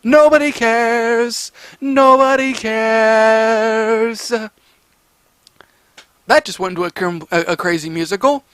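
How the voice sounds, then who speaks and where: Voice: medium pitch, lively intonation, moderate pace, few pauses, no room sound. A story reader giving comedic commentary in a rambling, sarcastic way, full of fillers and restarts.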